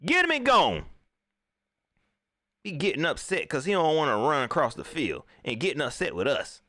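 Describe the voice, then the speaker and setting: A man, hosting a casual live sports talk show, animated and talking straight to his viewers as he reads their chat. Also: on the high side, fairly quick, dry recording, clean studio sound. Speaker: sports talk livestream host.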